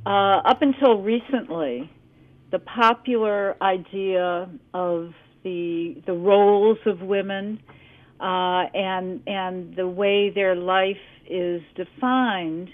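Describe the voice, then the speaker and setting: A woman author being interviewed, speaking thoughtfully with frequent pauses and fillers. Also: mid-range voice, fairly even intonation. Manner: slow, thoughtful, with many fillers. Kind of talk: interview conversation. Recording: tinny phone line.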